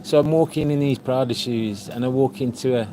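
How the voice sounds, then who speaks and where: A man's voice: medium pitch, fairly quick. Rambling man over a noisy room. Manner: rambling, relaxed storyteller, frequent fillers. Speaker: tailor and shirtmaker. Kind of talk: casual chat.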